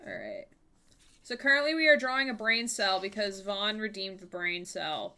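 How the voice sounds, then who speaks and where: A woman's voice: mid-range voice, very animated, normal speed, pushed and bright, smooth. A young woman streaming live, chatting with viewers in a bubbly, giggly way at a desk microphone. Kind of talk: casual live-stream chat.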